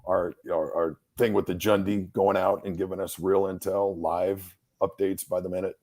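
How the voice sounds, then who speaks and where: A man's voice: sits low, moderate pace. A middle-aged man, a Marine reservist officer, telling a story in a casual interview and acting out the dialogue as he goes. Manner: animated storyteller who acts out quoted dialogue.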